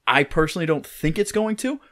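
A man's voice: on the high side, big pitch swings, brisk, a bit bright. Rambling male podcast co-host. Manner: rambling, thinks aloud with many fillers. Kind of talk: casual podcast chat.

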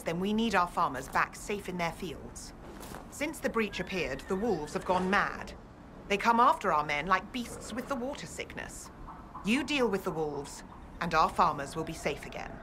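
A grim, weary farm leader from a fantasy game, voiced by a woman. Her voice sits low, and her delivery is stern and matter-of-fact. Clear background noise runs under the game audio. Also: expressive, moderate pace, lightly acted.

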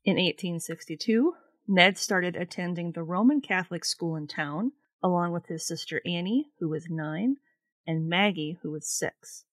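A woman co-hosting a casual podcast, reading from her notes in a relaxed way. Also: fairly low pitch, moderate pace, no echo. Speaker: podcast co-host, researcher.

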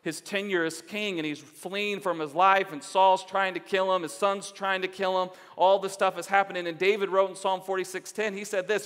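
Male pastor, somewhat high voice, earnest exhorting sermon, repeats phrases for emphasis, reverberant church hall. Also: level tone, normal speed, few pauses, a bit bright, clean tone. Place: church sanctuary.

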